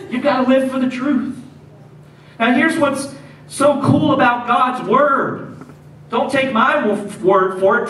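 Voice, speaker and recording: A man preaching a sermon as pastor, telling stories in an animated way and repeating key lines for emphasis. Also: very high voice. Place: church sanctuary. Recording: echoey church hall, mic at a distance.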